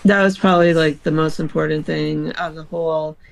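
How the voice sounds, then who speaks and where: A podcast guest recounts a story in a loose, halting way, leaning on ums and likes as the thoughts form. The voice stays level and flat in pitch, with a gravelly fry running under it. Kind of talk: casual storytelling, recounting a dream.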